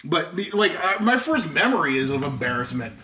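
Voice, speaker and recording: A man's voice: a little high, big pitch swings, brisk, pushed and bright. A man co-hosting a podcast, telling a rambling, self-deprecating story and laughing often. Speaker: podcast co-host. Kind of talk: casual storytelling chat. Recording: echoey room with background noise.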